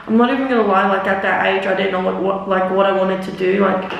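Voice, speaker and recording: Speaking quickly in a level, medium-pitched voice with vocal fry, a young woman vlogs a casual storytime over her makeup routine, rambling, cursing, and overusing "like" and "literally." The distant mic in the echoey room gives roomy echo with the highs cut off, and she faces away from the camera.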